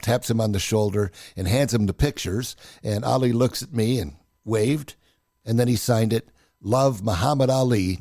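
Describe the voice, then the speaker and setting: A man in his sixties casually telling personal stories in an animated, chatty way. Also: medium pitch, gravelly. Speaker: storyteller.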